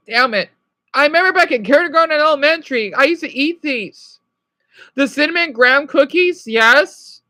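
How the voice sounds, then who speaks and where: Woman streamer, 30s, bright-pitched and animated, chatty reaction banter, dry close sound. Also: normal speed, dry recording. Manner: chatty, nostalgic, greets viewers by name. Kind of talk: casual live-stream reaction chat.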